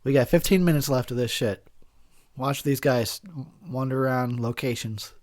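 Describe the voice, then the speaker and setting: A man's voice: mid-range voice, moderate pace, darkish tone. Giggly drunk man riffing on a movie. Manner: giggly, crude, rambling. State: drunk and high. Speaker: movie commentator.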